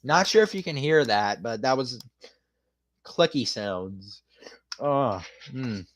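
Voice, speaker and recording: A man's voice: mid-range voice, lively intonation, takes it slowly, no echo. A man streaming casually, loosely freestyle rapping and answering chat with lots of rambling fillers.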